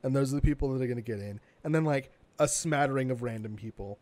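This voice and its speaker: A man's voice: mid-range voice, quick pace, a little mellow. A young man co-hosting a casual gaming podcast, blunt and sarcastic, swearing freely. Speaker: podcast co-host. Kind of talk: casual gaming news chat.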